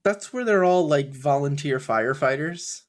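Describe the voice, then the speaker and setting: Male podcast co-host, higher-pitched, dry, gives short remarks. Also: lively intonation, normal speed. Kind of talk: casual chat.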